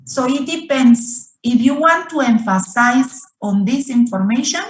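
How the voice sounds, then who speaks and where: A woman's voice: on the high side, unhurried, hardly any pauses. A woman teaching an online English grammar lesson over a video call, repeating each point and asking her students questions. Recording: roomy sound from far off the mic.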